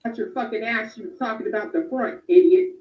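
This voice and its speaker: A woman's voice: fairly high pitch, lively intonation, fast. A woman co-hosting a casual stream and reading super chats, blunt, mocking and profane. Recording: roomy, dull lo-fi audio.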